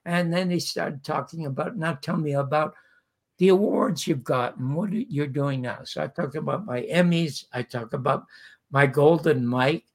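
An older Canadian man speaks at a moderate pace in a voice on the high side. He's an interview guest spinning a long anecdote as a lively storyteller, acting out the voices of the people in it.

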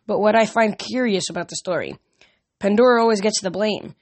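A woman reader voicing an ancient male Titan who speaks in a smooth, coaxing, sympathetic way in a storybook. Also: medium pitch, brisk, natural voice. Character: sly, silken male Titan, persuasive and patient.

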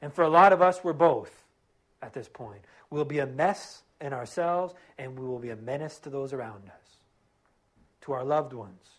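Preaching as a pastor, a man speaks earnestly and with emphasis, hammering his points home through repeated phrases before settling into a quiet prayer. His voice is medium in pitch and his pace is normal.

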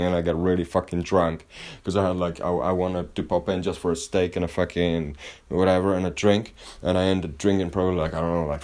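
A man with a very low voice tells a rambling, casual story. He swears in almost every line and keeps restarting his sentences. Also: darkish tone. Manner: rambling and heavily profane, with frequent restarts. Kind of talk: casual monologue.

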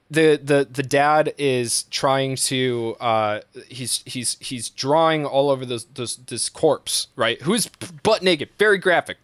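A young man in casual chat, rambling through a story with lots of swearing and fillers. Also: no room sound. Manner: animated, acts out quotes in high voices.

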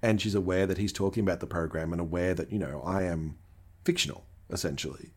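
A podcast co-host chatting casually about a TV episode with relaxed, playful asides. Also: sits low, fast, husky. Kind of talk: casual chat recapping a TV episode.

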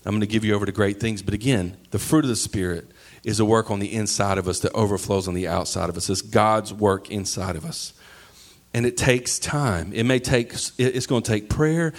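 A man in his thirties preaching a sermon, animated, sometimes breaking into high yelling as he acts out stories. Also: moderate pace. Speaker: pastor.

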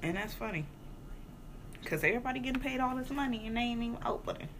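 A woman's voice: on the high side, expressive, fast, a bit bright, slight background noise. Chatty woman rambling with fillers. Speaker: co-host. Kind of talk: casual chat.

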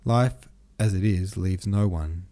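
Bitter brooding nobleman read by a guy, deep dark voice, cutting and gloomy. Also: takes it slowly.

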